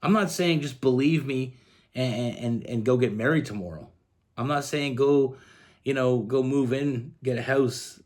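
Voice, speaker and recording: A man's voice: mid-range voice, unhurried, darkish tone. A man from Canada giving a casual tarot love reading, earnest and rambling with frequent restarts. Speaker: tarot reader.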